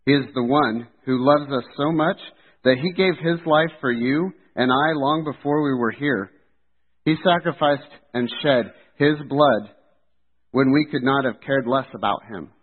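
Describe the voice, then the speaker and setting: A man delivers a sermon with earnest, steady conviction. His voice sits at an ordinary middle pitch. The recording is thin and tinny, like a phone line. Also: unhurried, breathy edge. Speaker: preacher.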